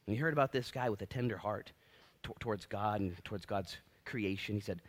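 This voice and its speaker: A man preaching a sermon as pastor, animated and acting out the voices in his stories. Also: fairly low pitch, quick pace.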